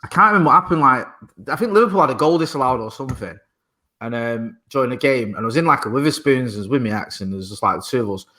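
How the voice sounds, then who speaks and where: Man, bright forceful tone, swears a lot, rambling story-telling, casual chat. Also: mid-range voice. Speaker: podcast co-host.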